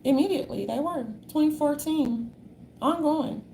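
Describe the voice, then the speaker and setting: A woman in a casual monologue, reading from notes in a sassy manner and calling listeners darlings, with a gravelly voice. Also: sits high, normal speed, mellow, slight background noise.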